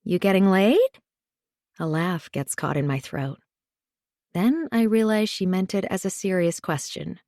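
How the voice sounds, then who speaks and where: Slow, measured woman reading an audiobook. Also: lowish voice, expressive, darkish tone, no echo, studio quality. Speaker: audiobook narrator. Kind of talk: first-person audiobook narration.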